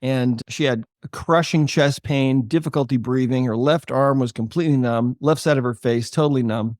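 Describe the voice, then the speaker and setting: An older man, a holistic chiropractor, explaining his work and telling a patient story in a podcast interview with a measured, earnest delivery. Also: medium pitch, darkish tone, no room sound, studio quality. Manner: earnest, measured explainer who slows for emphasis.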